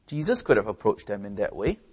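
A man's voice: big pitch swings, quick pace, slightly rough. A man preaching a sermon in an earnest way, often restarting and repeating words, lifting his voice for emphasis. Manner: earnest, rises in pitch and volume for emphasis.

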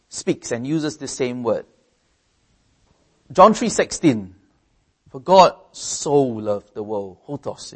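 Male preacher giving a sermon, earnest, presses on key words, often restarts phrases. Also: darkish tone. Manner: earnest, rises in pitch and volume for emphasis.

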